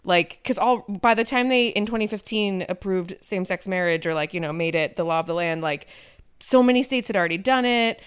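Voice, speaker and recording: Smooth-voiced chatty woman host. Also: mid-range voice, fairly quick. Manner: chatty, self-deprecating, many fillers. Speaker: podcast host. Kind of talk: casual political chat.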